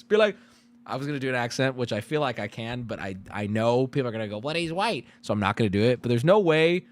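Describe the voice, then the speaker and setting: A man streaming live, reading out survey results in loud, profane, sarcastic casual commentary. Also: a little high, no echo.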